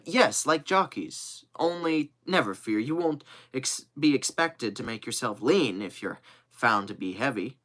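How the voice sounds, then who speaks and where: Guy putting on a bright, chirpy young servant, super eager and loyal. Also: mid-range voice, animated, measured pace. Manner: eager, earnest. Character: cheerful loyal young male manservant.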